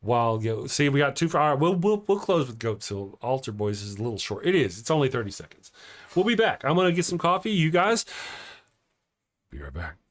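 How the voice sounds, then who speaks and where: A man's voice: mid-range voice, big pitch swings, brisk. Chatty middle-aged male livestream host. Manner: rambling, chatty, reads viewer comments aloud. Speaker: morning show livestream host. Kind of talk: casual livestream chat.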